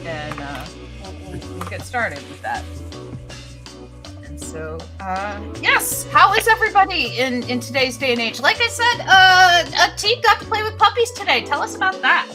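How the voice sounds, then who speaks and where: A woman hosting a stream while drawing, upbeat and a little halting. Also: high-pitched, very animated. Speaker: stream host and artist. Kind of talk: casual chat. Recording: faint background music.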